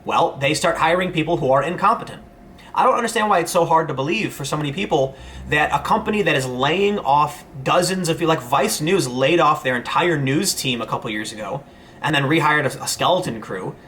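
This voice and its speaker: A man in his thirties hosts a casual livestream, answering viewer comments one after another. His voice is bright and sits a little high. He rambles, circles back, and stumbles over restarts, with a faint hum of background noise. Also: lively intonation, brisk. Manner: rambling, frequent restarts and fillers. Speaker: host reading viewer chat.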